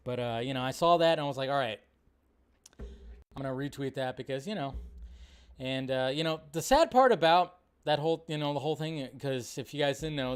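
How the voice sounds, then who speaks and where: Profane, rambling male stream host. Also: fairly high pitch. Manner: ranting, profane, heavy on fillers like "you know". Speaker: movie news show host. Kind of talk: casual live-stream commentary.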